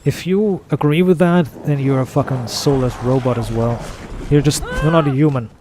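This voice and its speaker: A man recording a gaming video gets frustrated and breaks into a profane, repetitive rant unrelated to the game. He speaks at normal speed in a warm, mid-range voice, with a slight hiss or hum audible.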